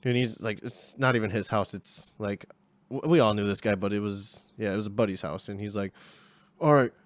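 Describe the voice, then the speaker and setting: A man's voice: on the low side, fairly even intonation, a little fast, no echo. A young man telling a casual story, rambling and slangy, acting out the people in it. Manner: rambling, slangy, acts out voices.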